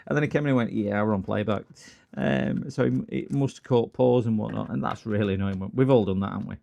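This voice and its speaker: Man, middle-aged, rambling and jokey, repair stream host, mid pitch. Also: fairly even intonation, fast talker, creaky, mellow. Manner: jokey, rambling, answers chat comments. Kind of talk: casual livestream chat while repairing.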